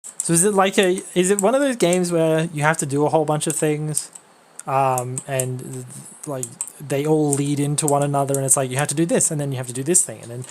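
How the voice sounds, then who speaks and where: A woman's voice: low-pitched, fairly quick, darkish tone, a little hiss or hum. A woman streaming a game, chatting casually and playfully with her chat. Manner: playful, breaks into silly voices.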